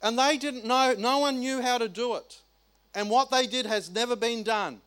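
A middle-aged Australian man preaching a sermon, animated and colloquial, firing off rhetorical questions. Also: very high-pitched, normal speed, clear, resonant tone. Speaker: pastor.

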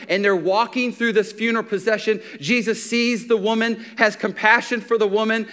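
With a smooth, high voice, a pastor preaches through animated storytelling, playing out the characters' words himself. His delivery leaps between loud shouting and hushed, near-whispered passages.

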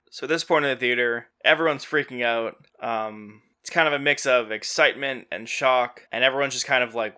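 A man retells a film's plot in a relaxed podcast chat, quoting characters offhandedly. His voice is bright and smooth, with a crisp, clear sound. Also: mid-range voice, fairly quick, few pauses. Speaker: podcast host. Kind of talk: casual movie recap.

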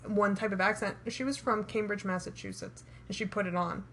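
A woman's voice: medium pitch, fairly even intonation, fairly quick, fairly bright tone, slightly rough. A young woman co-hosting a podcast, chatty and teasing, laughing often. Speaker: podcast co-host. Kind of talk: casual chat.

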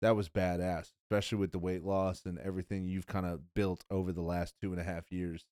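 A man's voice: deep voice, flat delivery, brisk, a little mellow, clear, resonant tone, no room sound, studio quality. A young man hosting a podcast in casual chat, rambling and profane, calling people "bro" and "dude.". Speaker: podcast host.

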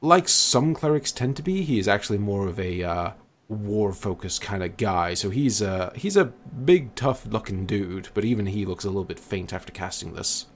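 A man narrating a tabletop game as game master, in a relaxed, filler-heavy way. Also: on the low side, moderate pace, few pauses, a little hiss or hum.

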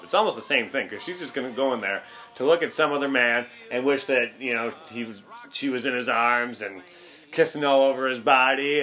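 A man co-hosting a podcast, chatting casually in a joking, rambling way. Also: medium pitch. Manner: joking, rambling, bright delivery. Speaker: podcast co-host. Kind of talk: casual chat.

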